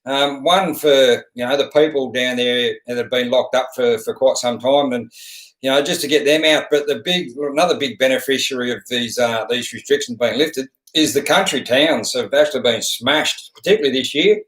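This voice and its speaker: A man's voice: mid-range voice, normal speed, a bit bright, echoey room, low-quality recording. Laid-back Australian man, live chat. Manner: laid-back, rambling, calls everyone mate. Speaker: host of a live stream answering viewers. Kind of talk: casual live-stream chat.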